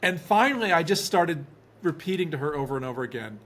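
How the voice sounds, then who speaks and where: A man's voice: a little high, lively intonation, fast talker, a bit bright. Earnest man telling a story. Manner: earnest, repeats words when starting. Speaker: relationship expert guest. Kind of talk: reflective interview storytelling.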